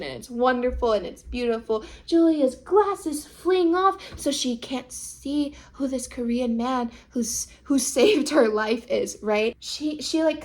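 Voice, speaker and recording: Animated young woman recapping a show. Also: high voice. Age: 20s. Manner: animated, expressive storytelling with casual swearing. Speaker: vlogger. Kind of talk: casual recap chat.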